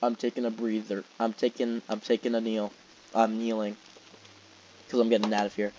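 A man's voice: lowish voice, monotone, normal speed, darkish tone, highs cut off, slight background noise. A young man giving casual, exasperated commentary while playing a game, talking to himself and swearing. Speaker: gamer.

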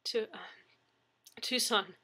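A woman's voice: slow, pushed and bright. A woman voicing a frightened young man who stammers and trips over his words in an audiobook reading. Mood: shaken. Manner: stammering, shaky. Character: frightened young man, injured college graduate.

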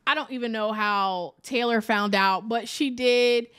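A woman's voice: a little high, measured pace, a bit bright, smooth. A woman giving a casual, exasperated reality TV review, chatty and emphatic, repeating words for effect and saying "like" often. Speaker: TV show reviewer.

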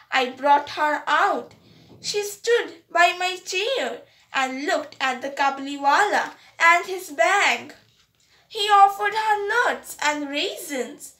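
A woman with an Indian English accent, reading a story aloud as an audiobook narrator, slow and careful, in a roomy, echoey recording. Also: high-pitched, pushed and bright. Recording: roomy echo.

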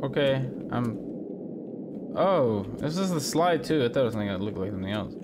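A man's voice: mid-range voice, very animated, moderate pace, background noise. A man commentating a horror game he is playing, reacting on the spot and repeating short phrases over and over. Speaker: gamer.

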